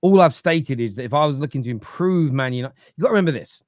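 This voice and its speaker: On a fan podcast, a man who supports his club argues about football, reading out viewer comments and rebutting them with strong opinions. His voice is medium-pitched and expressive, and he talks quickly. There's no room sound.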